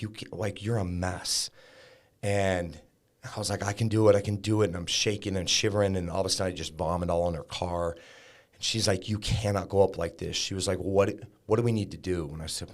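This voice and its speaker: A man in his thirties, a podcast guest, telling his own story in a frank, conversational way, full of likes and the odd curse. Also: low-pitched. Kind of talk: candid storytelling about recovery.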